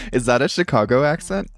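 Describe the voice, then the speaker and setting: A man in his thirties working as a podcast producer, chatting easily, joking and laughing often. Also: mid-range voice. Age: 30s. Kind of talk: casual chat.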